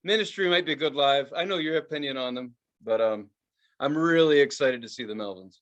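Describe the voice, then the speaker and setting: A man's voice: mid-range voice, a little fast. A man from the United States co-hosting a podcast, ranting casually with lots of swearing and mock-quoting others. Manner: animated, swearing, mock-quoting advertisers in raised voice. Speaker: podcast co-host. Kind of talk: casual profane rant.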